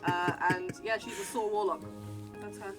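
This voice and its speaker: A woman's voice: medium pitch, steady tone, normal speed, music in the background. A woman playing at a tabletop game, chatting in an enthusiastic, giggly way. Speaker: player. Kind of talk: casual chat at a tabletop game.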